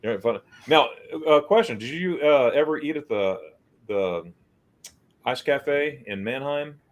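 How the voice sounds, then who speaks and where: An American man with a mid-range, animated voice hosts a livestream chat at a measured pace. He tells a loose, rambling story, often repeating words and acting out what people said.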